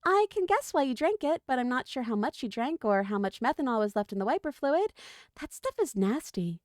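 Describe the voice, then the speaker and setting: Casting: woman doing a dry-witted male snake, calm and helpful, high and bright. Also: a little fast, no room sound. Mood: explaining. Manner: matter-of-fact, joking explanations.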